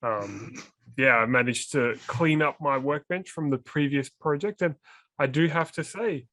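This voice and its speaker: A man with an Australian accent, co-hosting a casual podcast chat, jokey and quick to laugh. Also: fairly high pitch, fairly bright tone, no room sound. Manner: chatty, jokey, laughs often. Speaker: co-host.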